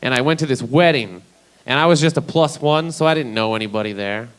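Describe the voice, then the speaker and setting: Profane deadpan stand-up comedian, young man. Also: medium pitch, a little fast, smooth. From Idaho. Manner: casual, profane, deadpan storytelling. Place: small comedy venue, live.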